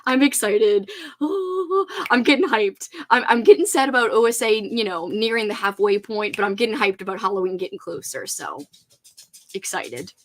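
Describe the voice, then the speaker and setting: A young woman hosting a casual livestream, chatting warmly and reading viewer comments aloud. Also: mid-range voice, lively intonation, moderate pace. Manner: bubbly, chatty, talks baby-talk to her dog. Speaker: livestream host.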